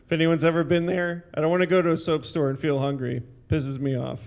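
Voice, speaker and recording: A man's voice: a little high, little pitch movement, brisk, creaky, a little mellow. A man performing stand-up one-liners at an open mic, with dry, awkward, self-deprecating asides. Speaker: stand-up comic. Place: brewery taproom stage.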